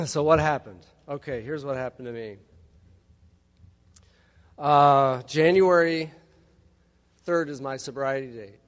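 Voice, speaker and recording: A man's voice: mid-range voice, measured pace, long pauses. Wry storytelling man in a big hall. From Texas. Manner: wry storytelling with humorous asides. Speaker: recovery meeting speaker. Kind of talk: personal testimony talk. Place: large hall at a conference. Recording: long hall reverb.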